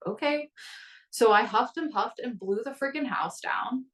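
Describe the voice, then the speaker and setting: Animated storytelling woman, a bit off-mic. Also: fairly high pitch, normal speed, distant mic, rough recording. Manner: animated storytelling, acts out inner voices. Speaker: guest coach. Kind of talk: casual podcast conversation.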